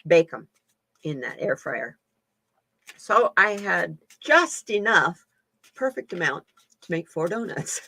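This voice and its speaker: A woman's voice: on the low side, very animated, takes it slowly, long pauses, sharp tone, husky. A woman hosting a casual live-stream chat as a card reader, folksy and laughing often.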